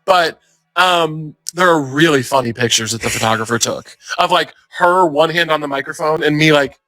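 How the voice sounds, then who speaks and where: A young man, a stand-up comedian, chatting as a podcast guest and telling animated stories with acted-out quotes. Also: a little high, moderate pace, dry recording. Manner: animated storyteller, acts out quotes. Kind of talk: casual chat.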